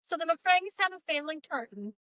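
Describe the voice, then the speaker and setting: A woman's voice: very high-pitched, animated, brisk, pushed and bright, dry recording. A woman co-hosting a book podcast in casual chat, rambling and laughing often. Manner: giggly, rambling. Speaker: podcast co-host.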